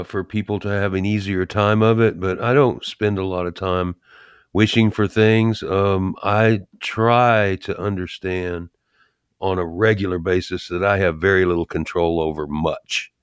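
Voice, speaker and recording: A low, smooth-voiced man co-hosting a relaxed talk show. He speaks reflectively and hesitates with fillers. The sound is dry and close. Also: dry recording. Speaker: co-host. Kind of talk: casual podcast chat.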